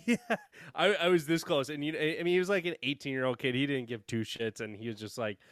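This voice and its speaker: A man's voice: medium pitch, fairly quick, a bit bright, clean tone, no echo, studio quality. A man on a casual podcast telling a story with plenty of swearing and exasperation. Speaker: podcast co-host.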